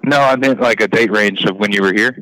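A man's voice: on the low side, fairly quick, pushed and bright, poor audio. A man working as a hotel general manager, staying patient and polite while confused.

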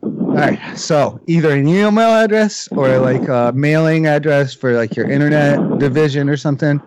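A man's voice: on the high side, normal speed, darkish tone. A man making a prank phone call, rambling and flustered, flaring into heated outbursts. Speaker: prank caller.

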